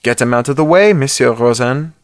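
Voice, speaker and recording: A man voicing a hard, cruel army sergeant who gives orders slowly and coldly. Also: medium pitch, clear, resonant tone, dry recording, clean studio sound, pitched above the performer's own voice, close to an everyday voice. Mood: coldly stern. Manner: slow, measured, menacing.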